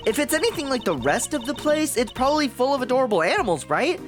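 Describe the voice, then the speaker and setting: An excitable young woman sidekick, as a man puts her on while reading a game, her voice pushed up high and bouncing with eager curiosity. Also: fast, faint music behind.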